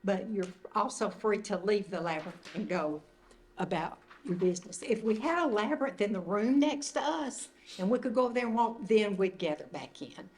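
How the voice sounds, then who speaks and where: An older woman speaks at a middle pitch, leading a retreat group through an informal teaching talk. Her phrasing is loose, gentle and conversational, in an indoor meeting room. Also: animated, normal speed, slight background noise. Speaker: retreat leader.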